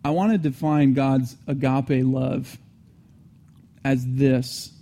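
A man's voice: medium pitch, little pitch movement, takes it slowly, dark tone. A man giving an earnest teaching sermon, restating key phrases and adding conversational asides between restarts. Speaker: Christian teacher.

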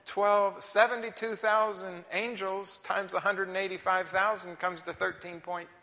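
A male preacher giving a sermon, swinging between shouted emphasis and hushed whispers. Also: high-pitched, level tone, a little slow. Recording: reverberant hall.

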